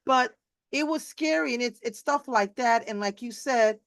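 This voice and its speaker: A middle-aged woman hosting a live video chat, rambling warmly with many restarts and acted-out quotes. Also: a little high, normal speed, no room sound. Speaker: host. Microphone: video call.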